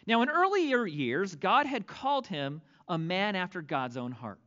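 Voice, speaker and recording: A male pastor preaching a sermon, reading scripture aloud with dramatic, expressive delivery. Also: sits high, a little slow, hardly any pauses, highs cut off.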